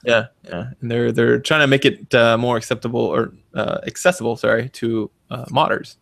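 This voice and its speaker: A man in his thirties co-hosts a casual gaming podcast. He talks in an animated way and acts out the lines in his stories. The sound is dry and close, with no room echo. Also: medium pitch, moderate pace, gravelly. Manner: animated storyteller, acts out quotes in big voices. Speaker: podcast co-host. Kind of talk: casual chat.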